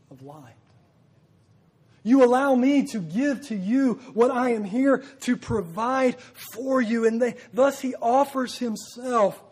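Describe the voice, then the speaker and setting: A man's voice: high voice, a little mellow, breathy edge. A man preaching a sermon, earnest and building to emphatic peaks, repeating his phrases.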